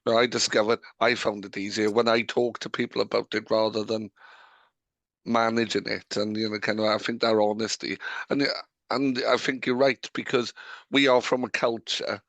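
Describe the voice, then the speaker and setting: A man from Wales co-hosting a podcast, talking casually with hesitant, supportive phrasing. His voice is fairly low and the recording is close and dry. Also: level tone, moderate pace, a bit bright, no room sound. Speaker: podcast co-host. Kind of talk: casual chat.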